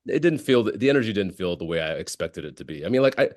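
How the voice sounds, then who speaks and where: A man's voice: fairly low pitch, big pitch swings, fast talker, darkish tone, no room sound, clean studio sound. A man, a comedian telling stories in a casual interview, full of likes and restarts. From United States. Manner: rambling storyteller, many likes and restarts. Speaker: comedian guest.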